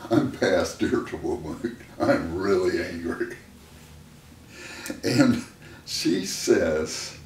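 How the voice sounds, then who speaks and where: A man with a lowish voice talks very slowly, in the easy manner of a therapist sharing stories and laughing along the way. He sits some distance from the microphone in a room that rings back, with a faint hiss underneath. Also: a little mellow. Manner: slow, unhurried, laughs often. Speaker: therapist and host. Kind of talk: casual conversational storytelling. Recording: roomy room sound from a distant mic, faint noise.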